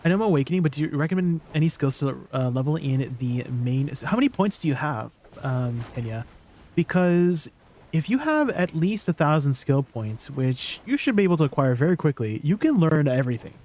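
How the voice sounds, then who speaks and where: A man's voice: a little high, big pitch swings, brisk, darkish tone. Chatty male game streamer. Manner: chatty, rambling, questions chat often, laughs easily. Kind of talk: casual livestream chat.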